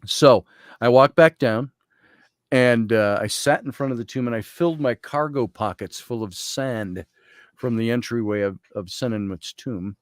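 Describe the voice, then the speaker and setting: A man guest, an Egyptologist, telling a story in conversation, animated and quoting others, and slowly reading aloud from a journal. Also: medium pitch, no room sound, studio quality. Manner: animated storytelling with quoted voices.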